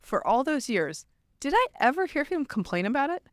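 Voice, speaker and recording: A woman's voice: high voice, sing-song, normal speed, no room sound, studio quality. A woman hosting a casual podcast, with a wry, teasing way of talking. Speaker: podcast host. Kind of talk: casual chat.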